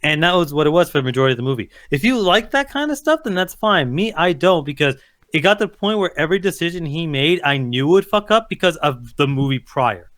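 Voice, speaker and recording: A man's voice: fairly high pitch, animated, fast talker, a bit bright. A man co-hosting a casual movie review chat, blunt and argumentative. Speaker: podcast co-host.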